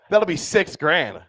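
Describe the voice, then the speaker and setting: A man's voice: high voice, a bit bright, breathy edge, dry recording, studio quality. A young man doing a stand-up comedy set on a club stage into a handheld mic, loose and crude, packing his lines with "dude" and "right?".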